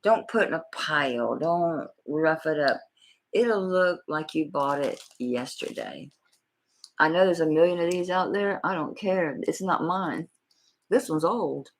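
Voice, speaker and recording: Casting: middle-aged Southern woman, low husky voice, folksy live-stream jewelry seller. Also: unhurried. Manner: folksy, chatty, talks to viewers by name. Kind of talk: live-stream sales chat.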